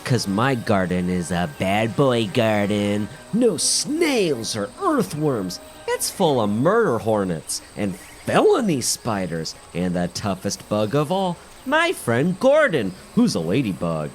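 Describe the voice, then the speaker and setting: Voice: mid-range voice, huge pitch swings, slow pace, few pauses. A comedian playing a goofy, tough-talking garden bug who tells a rambling story, with faint music behind. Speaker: comedy podcast improviser. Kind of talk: improvised comic monologue.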